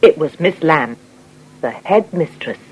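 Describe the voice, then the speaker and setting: A woman reading an English coursebook unit aloud in clear, scripted narration. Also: deep voice, poor audio. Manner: clear, measured reading with lively intonation. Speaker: textbook audio reader.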